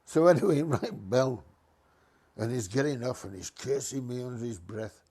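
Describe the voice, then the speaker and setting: Older man, retired bus driver type; chatty, mischievous storyteller at an ordinary pitch. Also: normal speed. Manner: lively, mischievous storyteller, dialect grammar. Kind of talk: casual anecdote.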